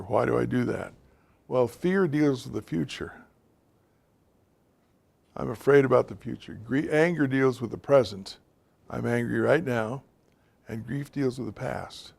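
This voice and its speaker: A man's voice: mid-range voice, vocal fry, darkish tone. A man giving an informal, direct talk to a class of men, speaking to them plainly as guys and fellas. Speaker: teacher of a men's class.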